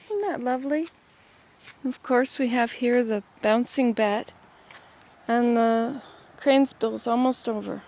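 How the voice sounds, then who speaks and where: A woman's voice: on the high side, a little slow, long pauses, a little mellow. A woman vlogging casually from home and garden, chatting in a meandering way to the camera and to herself. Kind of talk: casual rambling vlog.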